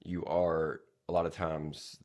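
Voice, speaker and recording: A man's voice: very deep voice, little pitch movement, takes it slowly, darkish tone. A man co-hosting a podcast, talking casually and hesitantly, searching for his words. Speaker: podcast co-host.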